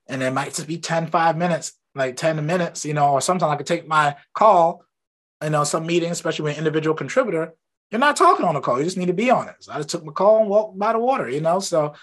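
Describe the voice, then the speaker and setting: A man hosting an interview from his home office, talking in a relaxed, rambling way about his own habits. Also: on the high side, quick pace. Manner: relaxed and talkative, rambling anecdotes. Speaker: podcast host. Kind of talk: casual interview chat.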